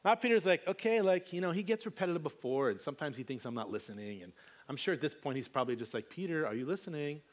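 A man's voice: medium pitch, fast. A man preaching a sermon, reading scripture and then retelling it in a casual, conversational way with slangy asides.

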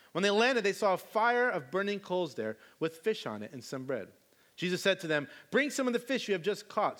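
A man's voice: sits high, a bit bright. A man preaching a sermon, reading scripture and then retelling it in a casual, conversational way with slangy asides.

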